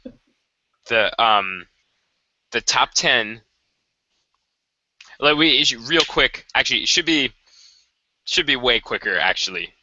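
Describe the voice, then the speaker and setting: A man's voice: medium pitch, animated, a little slow, pauses often, bright, forceful tone, dry recording, highs cut off. A young man co-hosting a casual web show, rambling and correcting himself as he plans what to say. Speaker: co-host. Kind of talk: casual unscripted planning chat.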